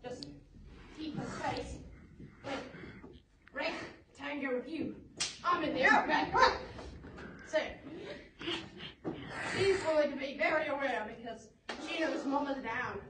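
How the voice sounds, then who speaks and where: A woman playing an excitable Australian male wildlife presenter in an improv sketch, exclaiming and narrating to the camera in a put-on Australian accent. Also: high-pitched, takes it slowly, pauses often. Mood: frantic. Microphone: phone camera. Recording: echoey far-off noisy phone video.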